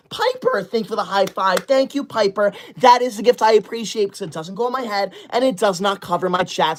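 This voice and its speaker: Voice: medium pitch, fairly bright tone. Bossy, indignant livestreamer scolding chat. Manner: bossy, indignant scolding, quick to kick viewers out; prim, rule-enforcing and self-important. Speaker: livestreamer reading viewer super chats. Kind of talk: livestream chat reading in an over-the-top teacher's-pet persona.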